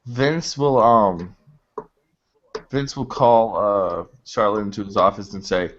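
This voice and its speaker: A man's voice: lowish voice, takes it slowly, a bit bright. A man on a wrestling podcast panel, joking crudely and acting out quoted lines. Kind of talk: casual wrestling chat. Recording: dull lo-fi sound.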